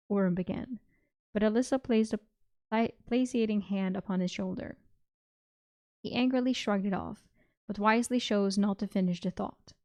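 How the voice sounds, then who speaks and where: A young woman streamer reading a fantasy story aloud at an unhurried pace, now and then correcting a word. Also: mid-range voice, warm tone. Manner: unhurried, occasional self-corrections.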